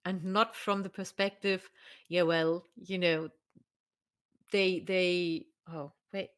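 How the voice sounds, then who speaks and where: Halting woman scholar in conversation. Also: fairly low pitch, steady tone, fairly bright tone, clean tone. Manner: halting, searching for words. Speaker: guest scholar. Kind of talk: academic conversation.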